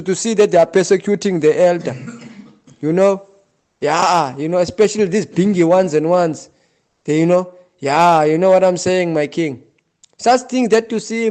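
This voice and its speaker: A man's voice: high voice, darkish tone. A South African man in an impassioned monologue, insistent and repetitive, often calling out to the listener. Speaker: Rasta community member.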